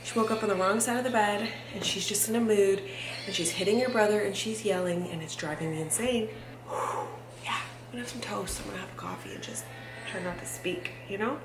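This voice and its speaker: A woman's voice: mid-range voice, a little fast, background noise. A woman in her thirties, a mother, talking candidly to camera in a casual family vlog, with many filler words. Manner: candid, chatty, lots of "like" fillers. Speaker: vlogger and mother.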